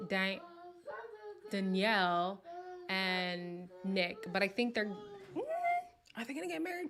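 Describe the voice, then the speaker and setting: Chatty, playful woman hosting a live chat. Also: mid-range voice. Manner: chatty and playful, laughs often, drops to a whisper at times. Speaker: live stream host. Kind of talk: casual live chat reacting to viewer comments.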